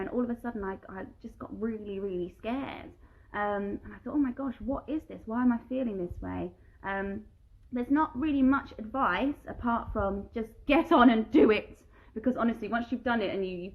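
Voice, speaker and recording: A woman with a medium-pitched voice answers viewer questions during a casual phone livestream at home, reading each aloud before replying in a chatty manner. The audio is narrow and tinny.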